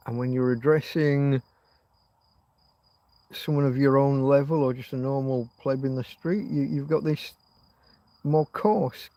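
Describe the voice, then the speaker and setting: Hosting a casual livestream chat, a middle-aged Yorkshireman muses and meanders, drifting from one thought to the next in his Yorkshire English accent. His voice is mid-range and dark-toned, and the recording is dry.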